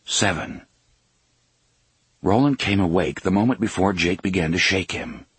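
A man narrating an audiobook in a steady, even reading voice. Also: low-pitched, a little slow, slightly rough, no room sound. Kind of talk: scripted narration.

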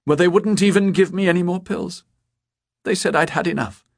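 A man's voice: sits high, moderate pace, vocal fry, no room sound, clean studio sound, pitched above the performer's own voice. A man reading a story voices a despairing mother, tearful and faltering, raised well above his own voice. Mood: bitter. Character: despairing middle-aged woman, a worried mother.

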